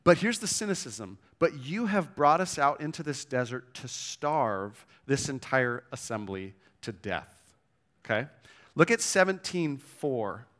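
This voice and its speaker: A pastor preaching a sermon in a conversational way, checking in with the listeners and reading scripture aloud with emphasis. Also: male voice, mid-range voice, fairly bright tone. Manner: conversational preaching with frequent "right?" and "okay?" check-ins.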